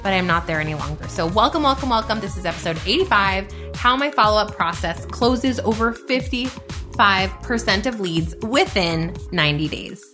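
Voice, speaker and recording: A woman's voice: medium pitch, lively intonation, normal speed, music in the background. A woman hosting her podcast in a bubbly, chatty way, full of y'all and like. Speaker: podcast host. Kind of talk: upbeat podcast monologue.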